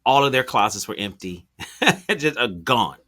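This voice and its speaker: A man's voice: medium pitch, sing-song, a little slow, sharp tone. A man hosting a talk show, telling a story in a loose, slangy way with lots of fillers and restarts. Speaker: podcast host. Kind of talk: casual conversational storytelling.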